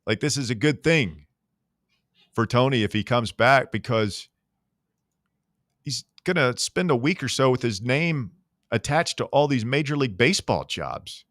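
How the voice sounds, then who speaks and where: Joking sports radio host. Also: male voice, mid-range voice, expressive, unhurried, pauses often, fairly bright tone, no room sound, studio quality. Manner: rambling, jokey, self-deprecating. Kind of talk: casual sports talk radio. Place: radio studio. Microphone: studio microphone.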